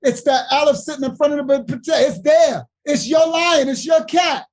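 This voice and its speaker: A man with leading a livestream Bible study, preaching in an animated, emphatic way straight to his viewers. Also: extremely high pitch, moderate pace, shouting, low-quality recording.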